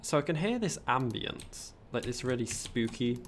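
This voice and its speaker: Gravelly posh English man streaming. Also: medium pitch, big pitch swings, moderate pace, slight background noise. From England. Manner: chatty and rambling, reads out chat and narrates his building. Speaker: livestreamer. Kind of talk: casual gameplay livestream chat.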